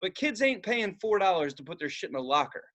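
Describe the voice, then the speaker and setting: A man's voice: high voice, fairly quick. A man co-hosting a podcast, telling a story full of swearing and acting out each person in it. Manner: animated, swears constantly, acts out the people in his story. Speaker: podcast co-host. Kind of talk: profane comedic storytelling.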